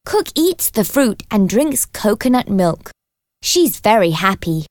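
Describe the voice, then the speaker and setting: A woman reading a children's storybook aloud as narrator, clear and expressive. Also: medium pitch, a little slow, dry recording, studio quality.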